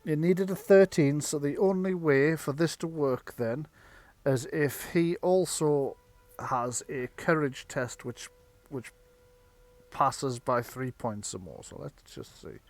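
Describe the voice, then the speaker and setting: A man running a tabletop game as game master, chatty and quick to laugh. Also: a little high, a little mellow.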